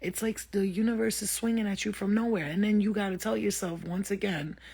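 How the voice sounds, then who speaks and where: Hosting a spiritual livestream, a woman talks to viewers bluntly, animatedly, and with lots of swearing, greeting them mid-talk. Her mid-range voice is husky with vocal fry, and she speaks briskly.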